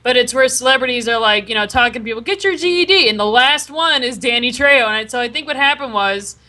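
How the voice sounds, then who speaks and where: A woman's voice: on the high side, fast talker. A young woman co-hosting a live-streamed chat, telling a story with lots of swearing. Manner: animated, profane storytelling. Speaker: podcast co-host. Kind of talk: casual chat.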